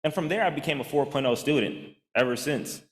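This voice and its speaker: Young man, keynote speaker, mid-pitch, animated storyteller recorded in a large reverberant hall. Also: brisk. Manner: animated storyteller, acts out quoted lines, frequent fillers. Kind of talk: personal storytelling speech.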